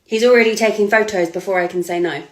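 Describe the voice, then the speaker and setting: A woman's voice: mid-range voice, fairly even intonation, fast. Earnest woman in an echoey room. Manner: earnest, hesitant, with frequent ums and restarts. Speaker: model. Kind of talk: personal account to camera.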